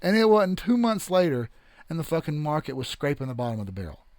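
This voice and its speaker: A young man hosting, telling a story in a casual, animated and blunt way, swearing freely. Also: on the high side, fast, dry recording, studio quality. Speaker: host. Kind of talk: casual storytelling, reading chat.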